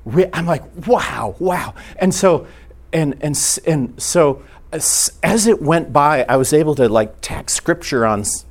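A man teaching a church class in an earnest, halting way, restarting his sentences often. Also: a little high.

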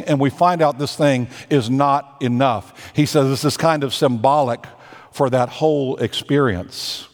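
A man's voice: medium pitch, unhurried, long reverb tail. A man preaching a sermon, emphatic, repeating phrases and restarting as he makes his points. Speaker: pastor.

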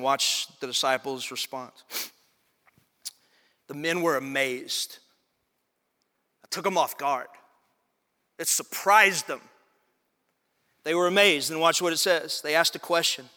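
A man's voice: fairly high pitch, sharp tone, in a large hall. A man pastor preaching a sermon, building his points through repetition and rising emphasis.

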